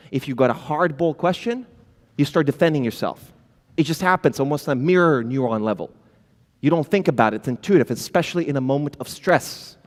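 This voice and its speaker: Animated man speaking on a conference stage. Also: on the high side. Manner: animated, addresses the audience directly; acts out flustered founders with filler words. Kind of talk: conference talk. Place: conference hall. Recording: long hall reverb.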